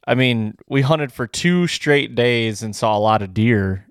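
A man's voice: mid-range voice, a little slow, smooth, no echo, clean studio sound. A man co-hosting a casual podcast, joking around and prompting his partner with questions. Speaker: podcast co-host.

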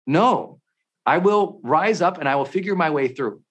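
A middle-aged man giving a motivational talk as a podcast host, telling stories with intense swings from quiet to loud. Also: a little high, animated, moderate pace, husky.

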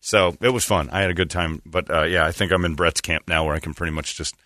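Low, bright-voiced sardonic man. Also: fairly even intonation, fast talker, dry recording. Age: young adult. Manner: sardonic, storytelling with mocking asides. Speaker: radio show co-host. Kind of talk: casual comedic chat.

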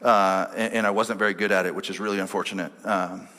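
Pastor, male, bright sermon delivery, storytelling, long hall reverb. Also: fairly even intonation, fast. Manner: storytelling, swings from loud preaching to low quiet lines. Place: large church hall.

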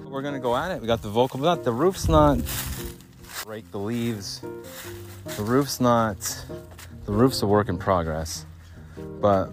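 Older man as a chatty podcast host, very low voice, rambling and chuckling, faint music behind. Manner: rambling, jumps between topics, chuckles often. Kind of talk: casual rambling podcast monologue. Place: makeshift vocal booth in an unfinished greenhouse.

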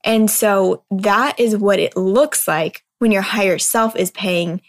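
A woman speaking as a mindset speaker in a casual motivational talk, earnest and conversational, often checking in with her listeners with a quick "right?". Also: medium pitch.

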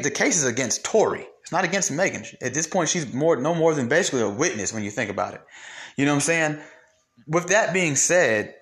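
A man's voice: fairly high pitch, fairly bright tone. A young man hosting solo commentary, blunt and profane, ranting with mocked quotes. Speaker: commentary host.

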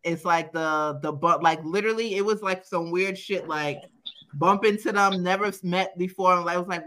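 A young adult woman co-hosting a podcast, telling a personal story in casual chat, profane and animated, quoting herself and laughing often. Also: on the low side, fairly quick, slight background noise. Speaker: podcast co-host.

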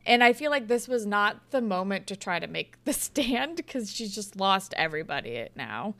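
A woman's voice: mid-range voice, very animated, normal speed, sharp tone, dry recording. A young woman co-hosting a casual podcast, recapping a TV episode in a candid, chatty way and swearing freely. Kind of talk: casual chat.

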